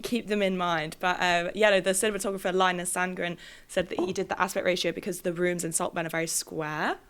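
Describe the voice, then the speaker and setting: A woman's voice: fairly low pitch, little pitch movement, fast talker, a bit bright, smooth. A woman hosting a podcast, chatting casually, swearing freely and trailing off with fillers. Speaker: podcast host. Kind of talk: casual chat.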